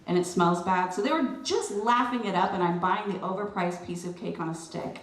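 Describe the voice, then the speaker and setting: A middle-aged woman speaking at an event, telling a personal story in an animated, chatty way with lots of fillers. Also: lowish voice, brisk. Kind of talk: storytelling speech to a crowd. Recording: roomy, distant PA sound with light noise.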